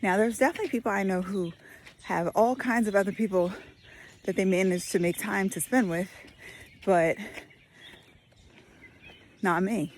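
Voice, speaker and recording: A woman's voice: mid-range voice, moderate pace, pauses often, slight background noise. A woman, out of breath while walking outdoors, musing aloud in a casual spoken reflection with many fillers. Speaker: vlogger. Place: outdoors on a walk.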